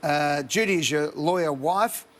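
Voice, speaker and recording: A man's voice: fairly high pitch, a bit bright. A man with an Australian accent hosting a quiz show, cracking teasing jokes with contestants. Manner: teasing, quick banter. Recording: studio with music and audience.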